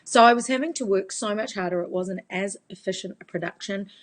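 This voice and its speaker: A woman's voice: mid-range voice, brisk. A woman, giving a chatty live Q&A as a vocal coach. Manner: chatty, explanatory, demonstrates voice changes. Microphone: phone.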